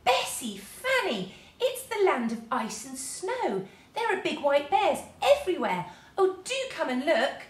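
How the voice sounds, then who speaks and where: A woman's voice: a little high, very animated, brisk, few pauses, pitched above the performer's own voice. A woman playing an eager young boy. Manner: keen and coaxing. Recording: roomy echo.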